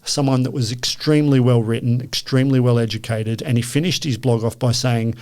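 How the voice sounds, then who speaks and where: A man in his fifties telling a personal story as a guest in a casual chat, earnest and animated, with frequent restarts. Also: medium pitch, a little fast. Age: 50s.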